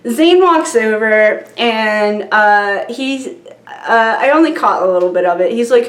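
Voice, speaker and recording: A woman's voice: fairly high pitch, animated, a little slow, roomy sound. A young woman vlogger telling a casual story to camera, rambling with lots of fillers and giggles.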